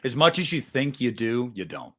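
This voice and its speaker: A man talking casually about horror films, swearing freely and acting out scenes, jumping into loud bursts. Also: mid-range voice, normal speed. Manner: animated, swearing, acts out movie scenes with sudden loud jumps. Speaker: podcast host. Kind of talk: casual movie chat.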